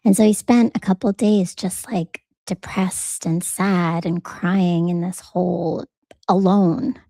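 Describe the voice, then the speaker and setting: Gravelly, warm-voiced woman hosting a podcast. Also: on the low side, fairly even intonation, takes it slowly, no room sound. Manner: earnest, conversational, storytelling with quoted voices. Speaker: podcast host. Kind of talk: personal reflective monologue.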